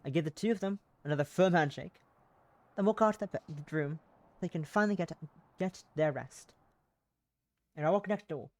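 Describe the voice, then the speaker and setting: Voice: medium pitch, fairly quick, long pauses, a little mellow. Casual live streamer narrating a game, self-mocking and profane. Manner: swears freely, laughs at own slips. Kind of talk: reading a visual novel aloud on stream.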